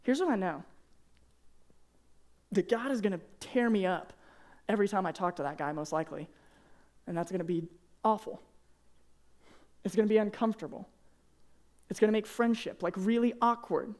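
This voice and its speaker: A young man preaching a casual, earnest sermon to high school students, peppering his talk with "man" and "like". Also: moderate pace, pauses often, a little mellow. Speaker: youth pastor. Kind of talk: youth sermon.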